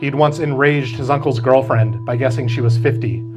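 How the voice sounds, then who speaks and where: Man reading his novel, slow, music behind. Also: mid-range voice, poor audio. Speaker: author. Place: bookstore event.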